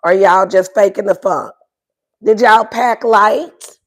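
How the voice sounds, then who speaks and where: A woman's voice: medium pitch, slow. Playful, salty tarot reader woman. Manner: casual, playful and profane, repeats questions. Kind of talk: livestream tarot reading.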